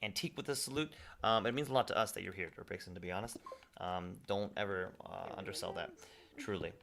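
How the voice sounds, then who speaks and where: A man's voice: low voice, fast, vocal fry, a bit bright, a little hiss or hum. A young man streaming a game, reading viewer messages aloud and chatting back casually. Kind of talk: casual live-stream chat.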